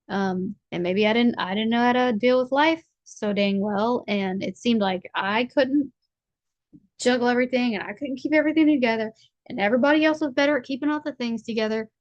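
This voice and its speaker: A fairly high-voiced woman talks through a casual tarot reading in a chatty, rambling and playful way. She sounds close and dry, with no room around her voice. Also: dry recording, highs cut off. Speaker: tarot reader.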